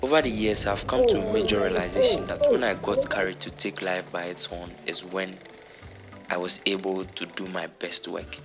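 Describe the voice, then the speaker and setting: A man's voice: low voice, animated, normal speed, creaky. A man vlogger giving motivational voice-over narration in an earnest, preaching tone. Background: music.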